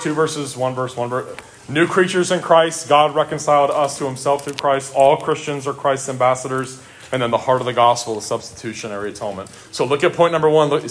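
A middle-aged male pastor preaching a sermon, earnest and emphatic, rising to exclamations and dropping low for quiet reflective asides.

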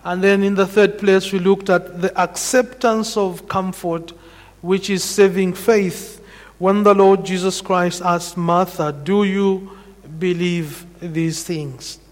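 Male preacher, high-pitched and unhurried, emphatic repetition, church-hall echo. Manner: measured, emphatic, repeats key phrases. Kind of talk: sermon. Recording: long hall reverb.

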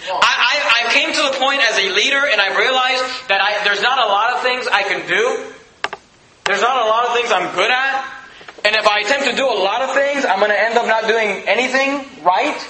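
A male pastor preaching a sermon in an emphatic, conversational way with quick asides. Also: very high voice, echoey room, a crowd in the background, low-quality recording.

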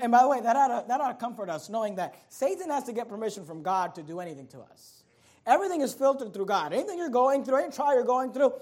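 High-pitched emphatic preaching man. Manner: emphatic, rising to near shouts and dropping low; repeats words and phrases. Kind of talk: sermon.

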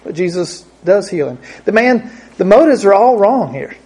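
A man's voice: high-pitched, big pitch swings, moderate pace, darkish tone, slightly rough. A man preaching a conversational Bible teaching, thinking aloud and often repeating his words.

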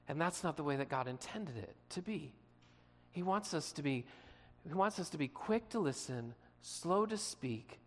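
Pastor preaching a sermon, conversational and direct, mid-pitched, with long hall reverb. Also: a bit bright. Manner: conversational preaching, asks the listeners questions.

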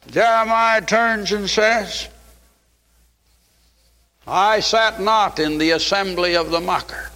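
A man preaching with fervor from the pulpit, his voice pitched notably high. He leans into scripture quotations in old-style English. The sound rings with the long reverb of a church sanctuary. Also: bright, forceful tone. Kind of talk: sermon.

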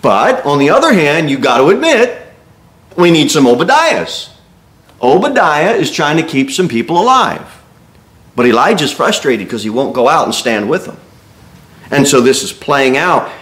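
A man preaching an expository sermon in a church, reading scripture aloud and acting out the speakers he quotes. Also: a little high. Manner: animated preaching, reads scripture aloud and acts out quoted speech. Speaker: pastor. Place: church sanctuary.

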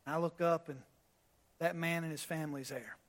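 A man preaching a sermon, telling a story with animated swings between loud preaching and quiet. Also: a little high, fairly quick, long reverb tail. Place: church.

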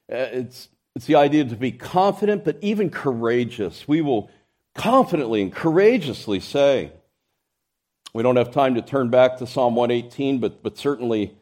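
Warm and medium in pitch, a man's voice delivers a sermon to his congregation as pastor. He builds emphasis as he moves through his points and often starts phrases over partway through.

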